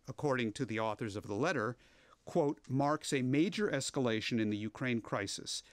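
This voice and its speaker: A man presenting a political news briefing on a webcast, speaking in a measured, emphatic way with the odd filler. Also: mid-range voice, no room sound.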